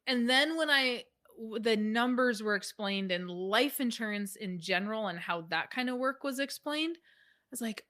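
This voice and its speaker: A woman with a high-set, bright voice chats casually as a guest. She talks in a lively way and acts out her own past reactions as she goes. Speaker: guest, financial author. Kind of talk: casual conversation.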